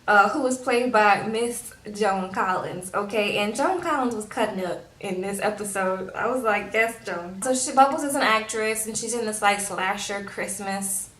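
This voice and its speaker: A young TV recap vlogger from Louisiana talks through an episode in a casual, sassy way, acting out what the characters say. She speaks at medium pitch and normal speed with few pauses, sounding a bit bright. The room echoes.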